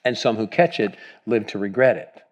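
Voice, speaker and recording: A man's voice: on the low side, moderate pace. A man preaching a sermon, reading scripture aloud with emphasis and putting questions to his congregation. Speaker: pastor. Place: church.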